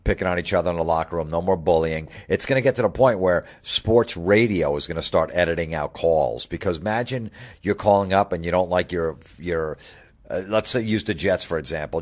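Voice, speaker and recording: A man's voice: sits low, fairly quick. A middle-aged man hosting a comedy podcast, ranting bluntly and swearing constantly. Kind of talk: profane comedic rant.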